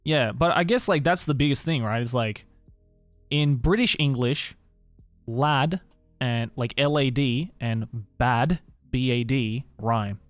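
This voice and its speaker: A man's voice: mid-range voice, no room sound, soft background music. Musing Australian man chatting with viewers. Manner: musing, hesitant, slows to spell out words. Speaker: streamer. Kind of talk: casual chat with viewers.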